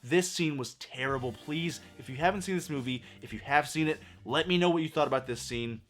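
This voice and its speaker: A hoarse man tears into a film with exasperated, profane emphasis. His voice sits a bit high for a man. Soft music runs behind him. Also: a little fast. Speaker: movie reviewer. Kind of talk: ranting film review.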